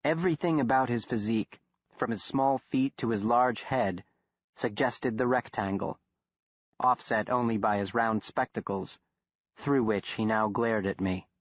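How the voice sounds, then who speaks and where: Male audiobook narrator, steady and even. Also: medium pitch, unhurried, dry recording. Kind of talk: scripted narration. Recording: dull, dry studio recording.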